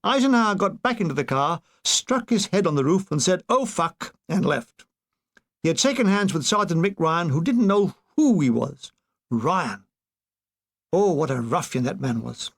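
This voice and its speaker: A man's voice: high voice, sing-song, normal speed. An older man reading his own war memoir aloud, with dry comic timing. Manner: dry comic delivery with brief put-on voices. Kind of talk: audiobook narration.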